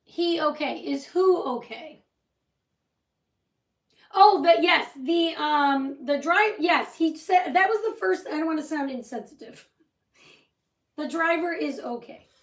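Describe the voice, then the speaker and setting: Chatty high-voiced woman in an echoey room. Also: slow pace, pauses often, distant mic. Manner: chatty, rambling storytelling with frequent asides. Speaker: craft livestream host. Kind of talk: casual chat while crafting. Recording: roomy echo, voice set back from the mic.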